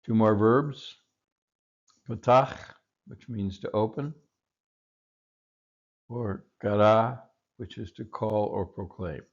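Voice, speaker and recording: A man teaching a recorded Hebrew vocabulary lesson, patiently repeating each word slowly. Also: on the low side, highs cut off.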